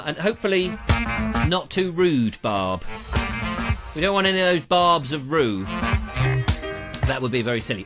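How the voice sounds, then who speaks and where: A man's voice: sits high, sharp tone. A man hosting a live online show on a lapel mic, chatting in a jokey, rambling, self-deprecating way. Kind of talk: casual rambling live-stream chat.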